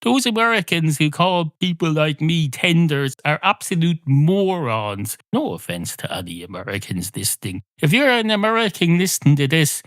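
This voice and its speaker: A man hosting a comedy podcast, ranting and swearing through absurd tangents. His pitch swings widely, and the recording is close and dry with no room sound. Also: very animated, normal speed, few pauses, fairly bright tone, no room sound. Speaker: podcast host. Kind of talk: comic monologue.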